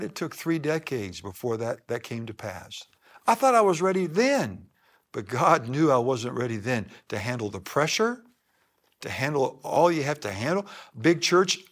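A man's voice: mid-range voice, fairly bright tone. A man preaching a sermon as a pastor to a live congregation, speaking with an emphatic cadence and repeated phrases.

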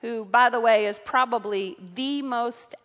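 High-voiced woman preaching in a reverberant hall. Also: unhurried. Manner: animated preaching with storytelling asides. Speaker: pastor. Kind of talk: sermon.

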